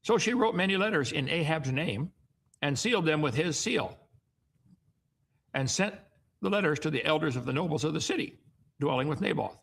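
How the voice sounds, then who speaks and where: A man's voice: a little high, lively intonation, moderate pace, vocal fry, pauses often, a bit bright, breathy edge. A middle-aged man reading Bible passages aloud and breaking off into folksy asides that often end in "okay?". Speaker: Bible teacher. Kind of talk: reading and commenting on scripture.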